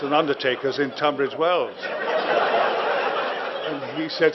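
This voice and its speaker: A man's voice: a little high, fairly even intonation, a little slow, long pauses, over a noisy crowd, heavy background noise. Older Englishman rambling through anecdotes. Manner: rambling, self-mocking, chuckling through stories. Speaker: interview guest, actor. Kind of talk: anecdotal interview storytelling. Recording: dull lo-fi recording.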